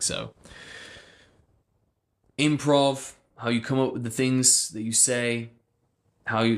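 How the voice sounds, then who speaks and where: A man's voice: mid-range voice, fairly bright tone. A man, a speech coach, chatting casually on a livestream and answering viewers. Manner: chatty, loose, fillers, answers viewer comments.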